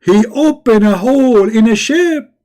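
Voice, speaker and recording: Combative, mocking man with a mellow voice. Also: very high-pitched, expressive, measured pace. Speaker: religious debate host. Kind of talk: live online debate commentary.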